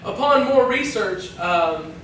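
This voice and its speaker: In a church hall, a male youth pastor gives a relaxed Bible lesson to young women, joking around and often digressing or starting over. His high, fairly bright voice is animated yet slow. The echoey recording is distant, with a slight hiss or hum.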